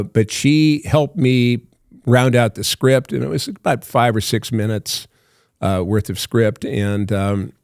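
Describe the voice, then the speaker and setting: An older man, a podcast guest, telling a long rambling story in a halting way with many fillers, acting out old phone calls. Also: fairly low pitch, creaky, a little mellow, dry recording, clean studio sound. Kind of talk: casual storytelling.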